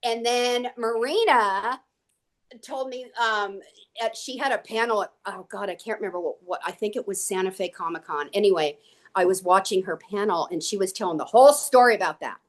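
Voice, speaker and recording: A woman guest on an interview show, telling lively anecdotes and acting out what people said. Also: medium pitch, normal speed. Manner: lively, animated anecdotes with acted quotes. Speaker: guest actress. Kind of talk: casual interview storytelling.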